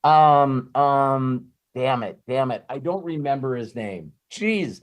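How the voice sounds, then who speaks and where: A man giving an off-the-cuff motivational talk as a network marketing trainer, rambling and animated, swearing freely and often breaking off and restarting his sentences. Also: mid-range voice, slow pace. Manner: frequent restarts and self-interruptions.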